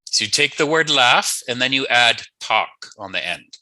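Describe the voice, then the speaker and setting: A man's voice: mid-range voice, expressive, moderate pace, sharp tone, no echo, poor audio. A man teaching an online language lesson, patiently saying each word twice and adding playful asides.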